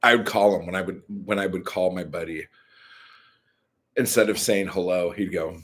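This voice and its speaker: A man's voice: sits low, fairly even intonation, moderate pace, pauses often, fairly bright tone. A man hosting a live stream, rambling casually and profanely with many fillers.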